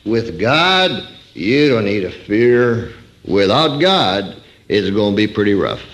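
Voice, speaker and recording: A man's voice: lowish voice, big pitch swings, slow pace, fairly bright tone. An older man preaching a sermon, quoting scripture and telling a story with rising emphasis.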